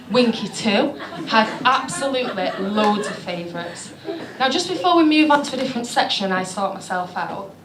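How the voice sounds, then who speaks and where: A woman doing stand-up, telling stories in a deadpan, self-mocking way. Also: mid-range voice. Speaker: stand-up comedian. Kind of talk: stand-up comedy. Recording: echoey venue with clear background noise.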